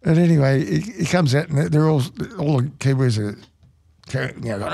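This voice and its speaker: A middle-aged man with an Australian accent, telling rambling stories on air, halting with many restarts and fillers. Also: medium pitch, gravelly, mellow. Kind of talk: casual storytelling on radio.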